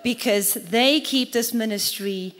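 A woman with a South African accent introduces the next speakers with upbeat enthusiasm. Her voice sits a little high, and a long echo from a large hall trails behind her. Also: takes it slowly, fairly bright tone. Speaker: ministry staff, event host. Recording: reverberant hall.

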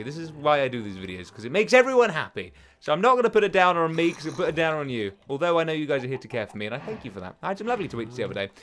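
Chatty British young man, lively pitch. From United Kingdom. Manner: chatty, rambling, easily flustered with exclamations. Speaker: let's play host. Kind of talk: casual gaming commentary. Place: home bedroom.

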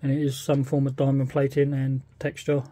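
British guy unboxing a scale model, low-key and monotone, keeps saying he's not sure. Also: fairly quick, dry recording. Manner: hesitant, often unsure, thinking aloud. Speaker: scale model kit reviewer. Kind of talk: casual unboxing commentary.

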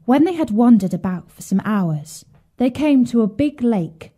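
A woman narrating a children's fairy tale in an expressive storytelling voice. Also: a little high, a little slow, breathy edge.

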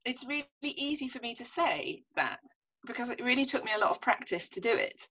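A woman's voice: on the high side, big pitch swings, fairly quick, a bit bright, slightly rough, rough recording. Frank, laughing woman guest. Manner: frank, self-deprecating, laughs often. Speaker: podcast guest, health psychologist. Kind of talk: casual conversational interview.

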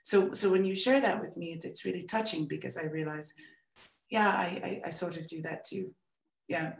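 A woman teaching a storytelling workshop, giving gentle, encouraging feedback and often repeating her words. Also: on the low side, moderate pace, gravelly, echoey room. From born in England, raised in the United States.

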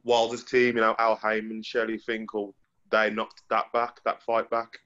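A man's voice: on the low side, monotone, normal speed, fairly bright tone, muffled recording. A man interviewing in casual chat, asking prompting questions with hesitant ums.

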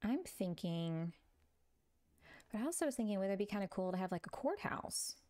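A middle-aged Texan woman with a Texan accent streams a building game, chatting casually with viewers and their live chat. Her medium-pitched voice is mellow and very animated at a moderate pace, and she laughs often.

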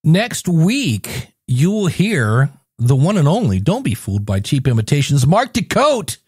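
A man's voice: on the high side, big pitch swings, unhurried, darkish tone, husky, no echo, studio quality. A man hosting his own podcast, chatty and jokey, acting out little scenes as he talks. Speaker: podcast host. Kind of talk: solo podcast talk.

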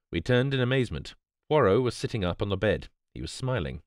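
A man reads a first-person audiobook in a steady, soft-spoken storytelling manner. His voice is low but lively in pitch, and the recording sounds close and dry. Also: a little fast, no room sound. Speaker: audiobook narrator.

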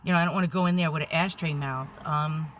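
A woman vlogging on her phone from inside a parked car, rambling anxiously, swearing a lot and talking loudly when nervous. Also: fairly low pitch, steady tone, rapid-fire, slight background noise. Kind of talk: nervous selfie vlog.

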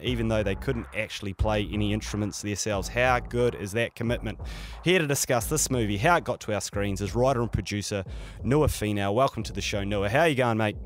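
A man's voice: fairly low pitch, slight background noise. A man hosting a podcast, asking friendly, matey questions with easy restarts. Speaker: podcast host. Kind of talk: casual interview hosting.

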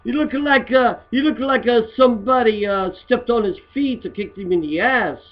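Guy doing a rude rambling dude, broken english, husky voice, muffled lo-fi home audio. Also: very high voice, normal speed. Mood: mocking. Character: crude, rambling immigrant guy mocking photos. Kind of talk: comedy satire monologue.

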